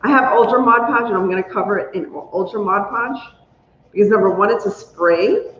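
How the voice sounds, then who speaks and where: A woman's voice: mid-range voice, brisk. Chatty woman livestreaming in an echoey room. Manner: chatty, excitable, squeals when delighted. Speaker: crafting livestream host. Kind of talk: casual livestream chat while crafting. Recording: roomy, dull lo-fi sound with faint hum.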